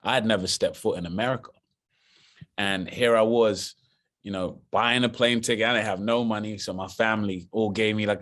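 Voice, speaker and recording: A young man with a London accent, an actor telling lively stories in a casual interview. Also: lowish voice. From Britain. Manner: animated, laughing storyteller. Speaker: actor guest.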